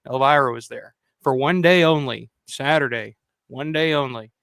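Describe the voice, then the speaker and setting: A man's voice: mid-range voice, moderate pace, gravelly, fairly bright tone, clear, resonant tone, dry recording, clean studio sound. A man telling convention stories in a casual, rambling way, full of "you know" and cursing. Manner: acts out the people he quotes. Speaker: roundtable guest. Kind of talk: casual storytelling.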